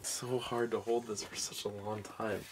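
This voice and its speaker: A man's voice: on the low side, flat delivery, slight background noise, rough recording. A man co-hosting a giveaway video, chatty and playful in casual banter. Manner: chatty and playful, quick to laugh. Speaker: co-host of a movie giveaway channel.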